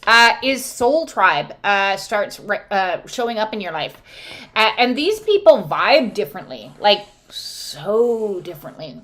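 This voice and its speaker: A woman's voice: mid-range voice, big pitch swings, measured pace, a bit bright. A woman reading oracle cards and talking casually to her viewers, rambling with many fillers and now and then squealing out quoted voices. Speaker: oracle card reader. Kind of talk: casual spiritual talk to camera.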